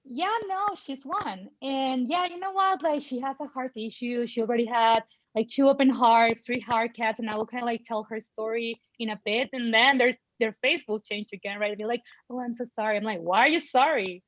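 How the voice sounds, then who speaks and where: A woman in her thirties speaks candidly as a parent on a panel, outspoken and animated, acting out the people in her stories. Her voice sits a little high. The sound is dry and slightly muffled, like a video call. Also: normal speed, dry recording. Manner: outspoken, animated, full of fillers and voiced quotes. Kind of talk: personal storytelling in a panel conversation.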